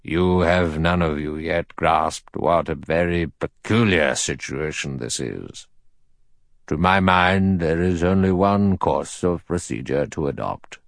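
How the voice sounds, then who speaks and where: Guy reading as a sour old judge, deep low voice, slow and measured, dry sound. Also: creaky, no room sound, full character voice. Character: elderly male judge, thin sour acid voice.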